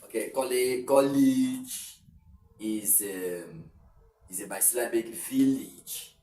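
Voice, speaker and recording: A male English teacher giving an exam-prep pronunciation lesson, repeating words slowly with frequent hesitant fillers. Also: mid-range voice, expressive, warm tone. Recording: roomy sound from a distant mic with faint noise.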